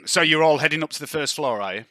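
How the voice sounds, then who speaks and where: Bright-voiced game master. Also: male voice, a little high, fast talker, dry recording, low-quality recording. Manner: relaxed, chatty, descriptive narration. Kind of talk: narrating a tabletop game.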